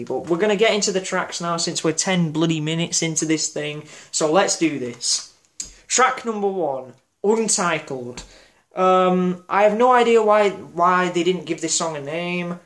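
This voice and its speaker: A man's voice: a little high, a bit bright. A man giving a casual album review vlog, enthusiastic and rambling, with lots of fillers and restarts. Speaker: music reviewer.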